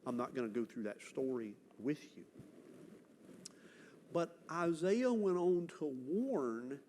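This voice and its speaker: A man preaching a sermon as pastor, earnest and emphatic, with dramatic pauses. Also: on the high side, lively intonation, mellow, a little hiss or hum. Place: church sanctuary. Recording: church hall reverb, faint ambience.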